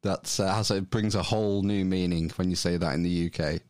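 A man's voice: deep voice, steady tone, brisk, darkish tone, dry recording, studio quality. A man with a Northern English accent chatting casually on a podcast, hesitant with plenty of ums and restarts. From Northern England. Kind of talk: casual chat.

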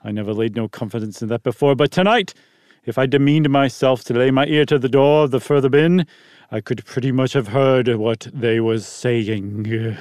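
A man's voice: medium pitch, normal speed, darkish tone, clear, resonant tone, dry recording, clean studio sound, lightly acted. A man voicing a superstitious, stubborn male butler with old-fashioned folksy speech while reading a story aloud. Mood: insistent.

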